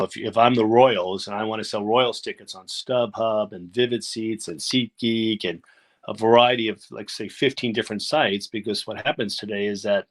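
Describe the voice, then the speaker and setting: A man giving a remote interview on a video call, halting and restarting often as he explains things at length. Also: fairly low pitch. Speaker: interview guest.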